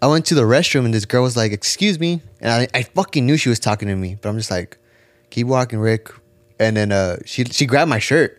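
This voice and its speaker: A man co-hosting a podcast, telling stories in a relaxed, profane casual chat. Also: medium pitch, brisk, no echo. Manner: laid-back, swears a lot, tells stories. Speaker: podcast co-host.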